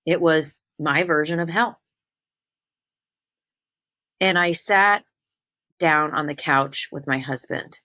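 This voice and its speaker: Woman, low voice, spiritual medium, earnest storytelling, talks to listeners directly, slows on key words. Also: pushed and bright, poor audio. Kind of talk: personal storytelling monologue.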